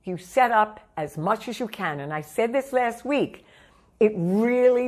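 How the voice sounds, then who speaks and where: A woman's voice: mid-range voice, animated, slow. A seasoned woman vocal coach giving emphatic, repetitive stage-performance advice straight to the viewer. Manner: emphatic, repeats key points, calls the listener honey. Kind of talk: direct-to-camera vocal coaching talk.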